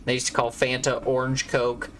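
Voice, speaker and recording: A man's voice: mid-range voice, monotone, normal speed, fairly bright tone, slight background noise, poor audio. A man from Georgia with a Southern accent, chatting casually and jokingly with viewers on a live game stream. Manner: jokey, rambling, chats with viewers.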